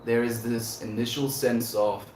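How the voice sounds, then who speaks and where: A man's voice: medium pitch, level tone, measured pace, darkish tone, slight background noise. A man hosting a livestream, chatting casually and affectionately with viewers in a laid-back way. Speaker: livestream host. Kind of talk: casual chat reading viewer messages. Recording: echoey room.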